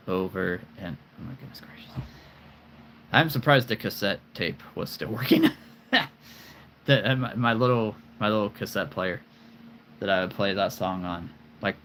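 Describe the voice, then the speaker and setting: Deep but a touch bright, the voice belongs to a man in his forties chatting playfully on a live stream about his collection. He rambles, chuckles and makes puns, against slight background noise.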